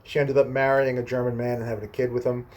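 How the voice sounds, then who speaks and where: A young man, a guest on the show, telling a personal travel story in a casual, animated way. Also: medium pitch, fast talker. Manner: animated storyteller who acts out quoted people.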